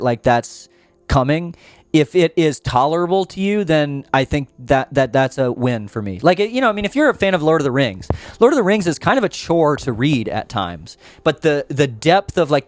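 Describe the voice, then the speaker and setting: A man's voice: mid-range voice, no echo. Rambling earnest man, dry close sound. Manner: rambly, frequent restarts and filler, earnest. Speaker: podcast host. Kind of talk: casual rambling monologue.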